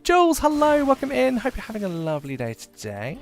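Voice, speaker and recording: A man's voice: very high-pitched, huge pitch swings, brisk. A man chatting casually while live-streaming a game, rambling and swearing freely.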